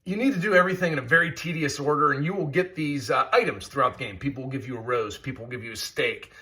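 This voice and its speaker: A man with a mid-range voice and a sharp tone talks at a quick pace through a casual review of a video game. He's enthusiastic and chatty, dropping in asides about scoring.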